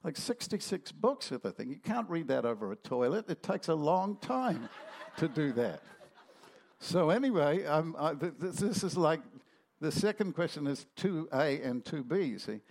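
A man's voice: fairly high pitch, sing-song, moderate pace, vocal fry, darkish tone. A man preaching a sermon, telling stories animatedly and acting out the voices in them.

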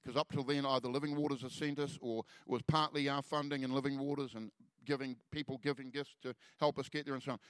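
A man telling a personal story in a sermon, earnest and halting, often trailing off softly before lifting into exhortation. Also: medium pitch, steady tone, clean tone, no room sound. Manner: earnest storytelling, halting restarts, soft drops in volume. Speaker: preacher. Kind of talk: sermon testimony.

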